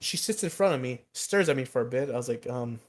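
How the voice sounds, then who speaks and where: A man's voice: medium pitch, animated, fast. A young man co-hosting a podcast, telling a rambling, profane story and laughing at himself. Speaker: podcast co-host. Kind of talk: casual storytelling chat.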